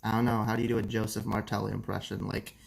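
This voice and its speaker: A man's voice: fairly low pitch, little pitch movement, fast, creaky, a little hiss or hum. A young man hosting a casual late-night livestream, loose and profane, coughing and laughing often. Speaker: livestream host.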